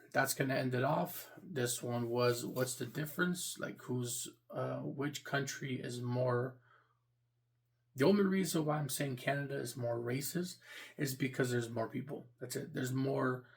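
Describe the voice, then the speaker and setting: Man, vlogger monologue, mid-pitched and gravelly, rambling and repetitive. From United States. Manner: rambling and repetitive, restarts phrases. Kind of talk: casual opinion monologue.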